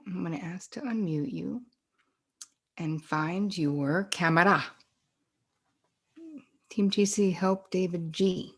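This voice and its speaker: A woman's voice: fairly low pitch, takes it slowly, pauses often, breathy edge. A woman hosting a virtual book launch, chatting and telling a story with frequent laughter over a video call. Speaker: host. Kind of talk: casual chat on a video call.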